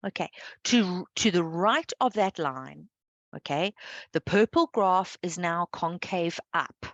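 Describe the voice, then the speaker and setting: A woman teaches a live maths class with patient, step-by-step explanations. Her voice sits a little low. The recording is dry, with no room sound. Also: no echo. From South Africa. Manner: patient, checks understanding with frequent "okay". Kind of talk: live online maths lesson.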